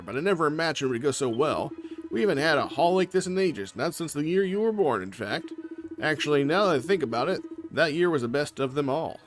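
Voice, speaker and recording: Picture a proud fisherman father who boasts about his catch in a lively, swooping voice, read out by a man playing through a game. He talks in a folksy, homely way, a little higher than an average man. Faint music plays underneath. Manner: folksy and boastful, reading lines aloud. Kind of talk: reading game dialogue aloud.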